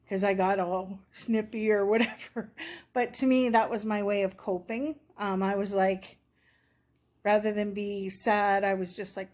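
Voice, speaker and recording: A middle-aged woman telling her viewers a personal story in an easygoing, rambling vlog style. She gets openly emotional and plays out both sides of each conversation she retells. Her voice sits at an ordinary middle pitch. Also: steady tone, normal speed, a little mellow. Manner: chatty, rambling, emotional, acts out quoted dialogue. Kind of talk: casual storytelling to camera.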